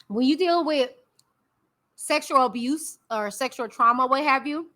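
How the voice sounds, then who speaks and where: Bright, high-voiced woman giving blunt commentary. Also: a little slow. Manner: candid, opinionated, talks directly to viewers. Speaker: YouTube commentary host. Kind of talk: casual live-stream commentary.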